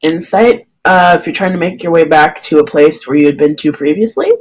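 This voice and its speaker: A dungeon master narrating a casual tabletop game among friends. The voice is friendly and quick to giggle, moving between story narration and sorting out dice rolls. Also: medium pitch, a little hiss or hum, low-quality recording.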